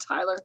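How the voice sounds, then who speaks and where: A woman's voice: extremely high pitch, background noise. A woman co-hosting an astronomy livestream, chatting in an upbeat, informal way and laughing often. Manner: informal, says y'all. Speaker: co-host of an astronomy community livestream. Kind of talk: casual chat.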